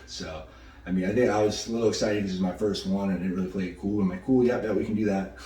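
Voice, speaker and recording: A man's voice: sits low, fairly even intonation, fast talker, dark tone. A young man casually telling a story about a deal, swearing freely and quoting the people in it. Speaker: real estate investor. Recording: roomy echo, mic at a distance.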